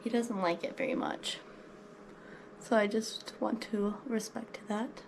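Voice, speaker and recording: A woman's voice: on the high side, steady tone, a little slow, vocal fry, a little hiss or hum. A woman chatting casually as she shows how she cares for her pet, with lots of fillers and cooing baby talk for the animal. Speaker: exotic pet keeper. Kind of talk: casual pet care vlog. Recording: background music.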